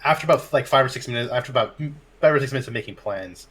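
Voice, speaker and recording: A man's voice: mid-range voice, rapid-fire, slightly rough. Laughing man telling a game-table story. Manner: animated anecdote, acts out players' lines, laughs often. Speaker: dungeon master. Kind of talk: casual storytelling chat.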